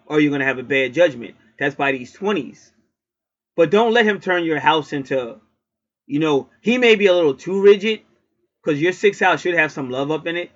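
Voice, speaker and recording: A man's voice: fairly high pitch, fairly bright tone. A man giving a casual astrology reading in a blunt, preachy way, cursing freely. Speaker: astrologer and card reader. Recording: dull lo-fi recording.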